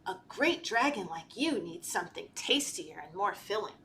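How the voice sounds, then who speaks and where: A woman voicing a small, brave and clever young male owl knight in a high, earnest voice. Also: expressive, moderate pace, sharp tone, slight background noise.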